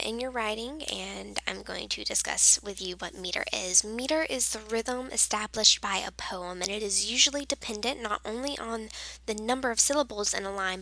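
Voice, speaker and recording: A woman's voice: medium pitch, creaky, no echo, rough recording. Woman teacher in whispered role-play. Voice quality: soft whisper mixed with quiet voice. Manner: patient, explains slowly with frequent fillers.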